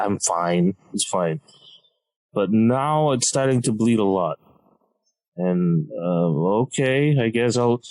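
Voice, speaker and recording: Male comedian, animated self-mocking storyteller, mid-range voice. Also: mid-range voice, dry recording, poor audio. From Malaysia. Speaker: podcast guest, comedian.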